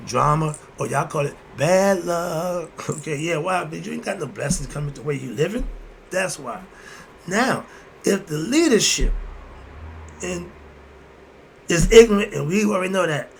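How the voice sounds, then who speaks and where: A man with a gravelly, fairly high voice speaks in an informal, preachy way. He poses questions and answers them himself, chuckling between points. A faint hiss sits under the recording. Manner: repeats "moving on" between points. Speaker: host. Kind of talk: casual philosophical monologue.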